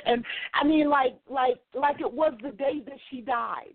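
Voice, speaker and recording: Radio talk host, woman, expressive storyteller, slightly high, tinny phone-band sound. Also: moderate pace, hardly any pauses, slight background noise. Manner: expressive, animated storytelling with emphatic repetition.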